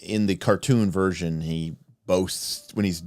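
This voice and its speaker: A man with a lowish voice hosts a casual livestream, rambling through viewer questions with plenty of fillers, restarts and chuckles. His voice sounds dry and close, with faint music underneath. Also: fairly even intonation, slow, darkish tone, no echo. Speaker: livestream host.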